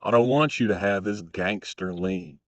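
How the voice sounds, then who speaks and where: A big, slow-talking Southern country boy of a driving instructor, put on by a man, drawling out a stern warning in a lowered voice. The sound is dry and a little dull, like a cheap mic. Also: no echo, natural voice.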